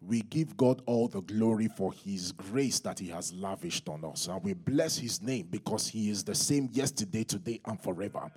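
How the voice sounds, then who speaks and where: A man's voice: moderate pace, hardly any pauses, husky. A male pastor with a Nigerian accent preaching a sermon and calling on the congregation to respond aloud. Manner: rises higher and louder when teaching.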